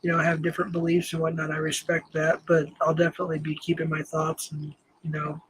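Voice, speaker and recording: A man's voice: a little high, monotone, quick pace, a little hiss or hum, rough recording. An older man hosting a livestream, talking casually in a rambling, self-deprecating way and laughing often. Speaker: livestream host.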